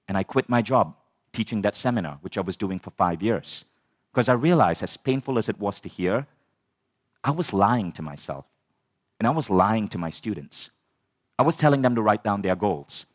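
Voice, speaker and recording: A man telling a personal story as a personal growth speaker, animated, swearing and acting out the dialogue. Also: fairly low pitch. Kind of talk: storytelling talk.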